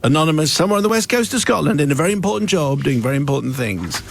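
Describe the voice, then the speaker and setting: A man's voice: fairly high pitch, very animated, rapid-fire, creaky. A man hosting a radio show, reading a listener's letter aloud in a playful, amused, theatrical way. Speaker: radio host. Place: radio studio.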